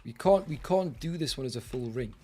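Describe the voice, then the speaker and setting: A man's voice: mid-range voice, animated, brisk, dark tone. A British man streaming a game live, chatting with viewers and grumbling in exasperation. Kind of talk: live gaming commentary.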